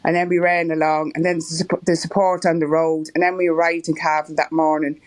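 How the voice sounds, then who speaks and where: A middle-aged woman from Ireland, a marathon runner, is a guest in a casual interview, rambling through stories and laughing often. Her voice is low and a bit dark, with a level tone and a brisk pace.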